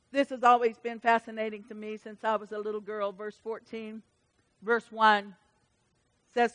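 A woman preaching a sermon to her church, reading scripture and surging from soft asides to loud, fervent exclamations. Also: on the high side. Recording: long hall reverb.

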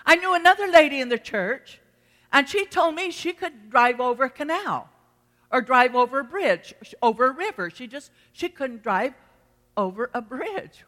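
Woman preacher, sermon delivery, sharp bright tone, emphatic repetition, long church reverb. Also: high-pitched, animated, normal speed. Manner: emphatic, repeats phrases for force.

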